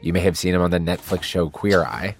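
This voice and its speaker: A man's voice: low-pitched, fairly even intonation, fairly quick, creaky. A man in his forties hosting an explainer podcast, narrating in a wry, playful way. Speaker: podcast host.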